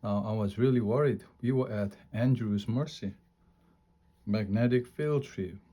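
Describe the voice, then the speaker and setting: A man reading a children's storybook aloud in a steady, clear narrating voice. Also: on the low side, measured pace.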